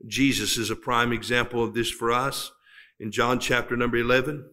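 A man preaches a sermon in a bright, forceful voice, pitched about the middle for a man. He leans on long dramatic pauses and builds to emphatic climaxes. He reads scripture in old-fashioned wording. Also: level tone.

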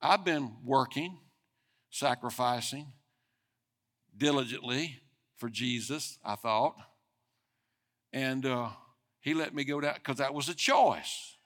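A man's voice: medium pitch, slow, pauses often. Man preaching a conversational sermon. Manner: conversational preaching, speeding up and swelling in loudness for emphasis. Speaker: pastor.

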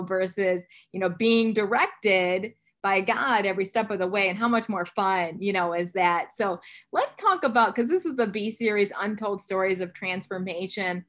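Podcast host, woman, 50s, conversational and full of fillers, middle-range voice. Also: medium pitch. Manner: chatty, warm-hearted asides with many fillers. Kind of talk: conversational interview.

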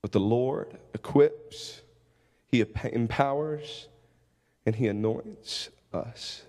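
Speaking slowly in a mellow, mid-range voice, a preacher addresses his congregation in a church sanctuary, and a long reverb tail follows each phrase. His sermon turns to searching, pleading questions before he echoes his first words and leads into an altar-call prayer.

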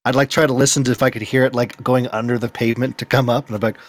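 A man's voice: mid-range voice, steady tone, rapid-fire, dry recording. Joking man in playful banter. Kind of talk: casual chat.

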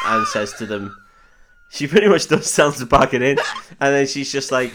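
Male podcast host, mid-pitched, sweary, does silly character voices while recapping. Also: normal speed, a bit bright, a little hiss or hum. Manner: sweary, jokey, acts out characters in mocking voices. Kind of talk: casual chat recapping a film.

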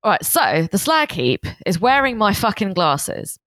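A woman's voice: medium pitch, very animated, measured pace, fairly bright tone, no echo. A young woman co-hosting a podcast, chatting playfully in a rambling way with lots of fillers. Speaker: podcast co-host. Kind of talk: casual chat.

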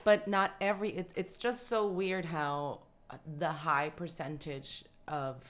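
A woman's voice: low-pitched, fairly even intonation, a little slow, a bit bright. A woman co-hosting a podcast in casual chat, candid, with dry jokes and hesitant restarts. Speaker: podcast co-host.

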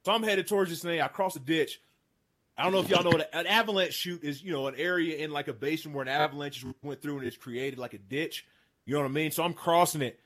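Man in his thirties, casual storyteller, animated and excited, slightly high voice. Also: fast. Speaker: podcast host. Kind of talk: casual storytelling among friends.

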